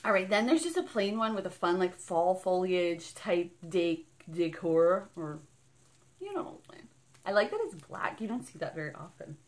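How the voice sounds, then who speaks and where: A woman's voice: lowish voice, big pitch swings, moderate pace. A woman vlogging an unboxing in a casual, bubbly and rambling way, gushing over each item. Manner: bubbly and gushing, squealing with delight; rambling and chatty.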